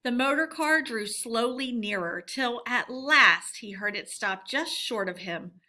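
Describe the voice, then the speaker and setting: Bright-voiced woman reading a storybook aloud. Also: a little high, animated, measured pace.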